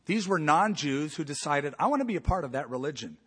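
A man preaching a sermon as a pastor, emphatic, moving between loud points and hushed asides. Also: on the high side, lively intonation, fast, husky. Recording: long reverb of a large hall.

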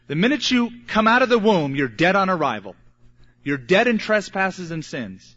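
A man preaching a sermon as pastor, emphatic and repetitive, with dramatic pauses. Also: high voice, sing-song, a bit bright. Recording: dull lo-fi sermon recording.

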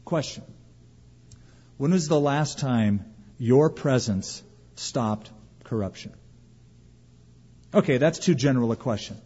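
A man preaching a sermon as pastor, emphatic and preacherly, with pauses and rhetorical questions. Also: mid-range voice, lively intonation, mellow, breathy edge, big-room sound, lo-fi sound.

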